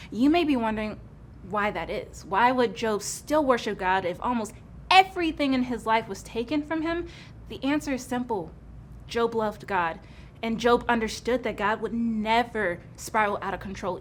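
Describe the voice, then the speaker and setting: A woman tells a Bible story to children, patient and gently teasing. Her voice sits fairly high. A faint low rumble runs behind her. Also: expressive, normal speed. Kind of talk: Bible story telling for kids.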